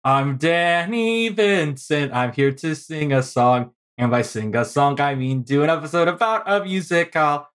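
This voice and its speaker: A man's voice: a little high, measured pace, hardly any pauses, fairly bright tone. A man hosting a film podcast, chatting playfully and laughing often as he runs through award stats. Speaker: podcast host. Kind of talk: casual podcast chat.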